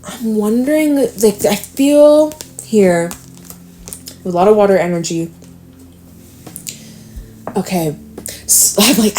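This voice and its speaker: A young tarot reader with a mid-range voice gives a casual reading, chatting and thinking out loud with sudden exclamations. She takes it slowly and pauses often, with faint music playing behind her.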